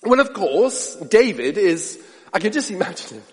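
High, lively-voiced male preacher in a reverberant hall. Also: normal speed, slightly rough. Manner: dramatic, rhetorical questions, drops to hushed asides. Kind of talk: sermon. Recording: long reverb of a large hall.

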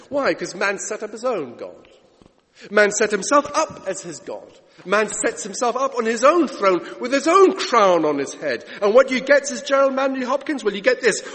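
Male preacher, high lively voice, long church echo, dramatic sermon delivery. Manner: dramatic, swooping delivery, drawn-out words. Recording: long echoey church reverb.

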